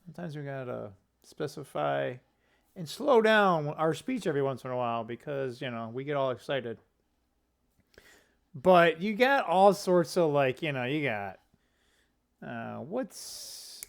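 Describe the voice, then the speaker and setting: An opinionated male vlog host talks off the cuff about current events. He rambles, doubles back to correct himself and tosses in quick asides. His voice is slightly high and swings widely in pitch. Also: clear, resonant tone. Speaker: political commentary channel host. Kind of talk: casual political commentary vlog.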